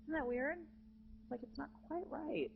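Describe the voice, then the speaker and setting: A woman's voice: high-pitched, moderate pace, creaky, phone-quality sound, soft background music. A woman teaching a vocal jazz masterclass, chatty and breaking into short sung phrases. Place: conference hall with live student audience.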